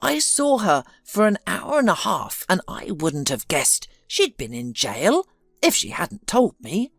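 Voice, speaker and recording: A woman's voice: on the low side, very animated, measured pace, gravelly, no room sound, clean studio sound, faint music behind, heavily acted. A woman voicing a stubborn indignant old father. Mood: insistent. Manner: insistent, scolding.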